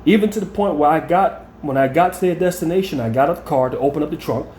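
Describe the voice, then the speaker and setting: A man's voice: fairly high pitch, fast talker, a little mellow, reverberant, a little hiss or hum. A man telling stories and ranting bluntly, with heavy profanity and words repeated when he gets heated. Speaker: channel host. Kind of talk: profane storytelling rant.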